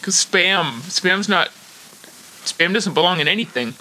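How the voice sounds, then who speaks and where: A co-host of a mock cooking show, talking in a bossy, deadpan, contrary way in improvised comedy banter. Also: mid-range voice, unhurried, rough recording.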